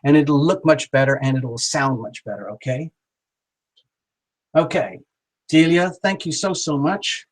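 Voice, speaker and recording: A man's voice: on the high side, lively intonation, unhurried, long pauses. A man hosting a live tarot reading stream, talking in a chatty, encouraging way. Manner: warm, encouraging, chatty, with playful exaggerated voices. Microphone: small built-in camera mic. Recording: small camera on a poor live-stream connection.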